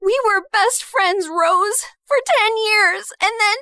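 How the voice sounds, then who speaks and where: A woman voicing a spiteful, bitter teenage girl in an animated story, sneering and hurling harsh insults. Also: very high-pitched, slow, no room sound, clean studio sound, exaggerated voice.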